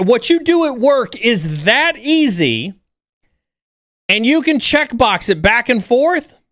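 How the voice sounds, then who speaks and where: This stream host is a man with a very high, slightly bright voice who talks bluntly and with lots of energy, occasionally mocking people in an overreactive tone. The audio is dry and clean, with studio sound.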